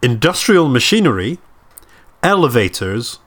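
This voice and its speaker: A man's voice: mid-range voice, very animated, unhurried, a bit bright. A man hosts a quiz on a casual podcast. He is dry and teasing, and he often hesitates with fillers and restarts. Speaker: quiz host.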